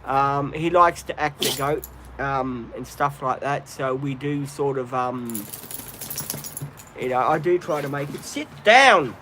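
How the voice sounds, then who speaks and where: A man's voice: a little high, a little slow, bright, forceful tone, slight background noise. A man hosting a casual live stream at home, rambling with lots of ums and breaking off to talk to his dog. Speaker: livestream host.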